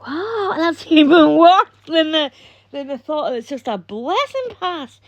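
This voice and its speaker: Scottish woman, reaction host, slightly high voice, rambling, dry close sound. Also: lively intonation, unhurried, dry recording, highs cut off. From Scotland. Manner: rambling, disgusted, with frequent laughs and restarts. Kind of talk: casual reaction commentary.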